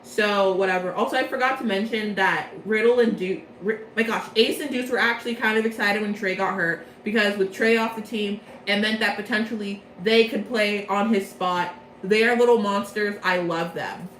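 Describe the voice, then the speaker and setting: A young woman recapping a plot from memory in a casual, rambling, excitable way, often correcting herself. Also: medium pitch, moderate pace, hardly any pauses, echoey room, slight background noise, poor audio. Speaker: video creator.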